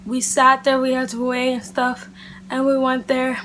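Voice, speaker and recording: A woman with a high, bright-sounding voice recounts a personal story in a casual, chatty vlog. Her delivery is animated and loose, full of "like" and "literally". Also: normal speed, slight background noise. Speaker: beauty vlogger. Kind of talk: casual storytime chat to camera.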